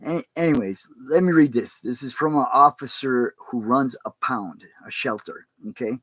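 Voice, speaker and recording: A man who is a pastor, talking in a casual, rambling and halting way on a livestream. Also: mid-range voice, a bit bright, no room sound.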